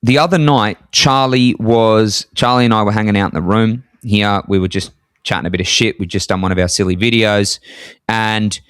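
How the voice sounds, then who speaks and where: A man, telling a lively story in casual podcast chat, his voice leaping up high for emphasis. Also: no echo, studio quality. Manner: animated, jumps high in pitch for emphasis. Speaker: podcast co-host. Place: apartment in Scotland.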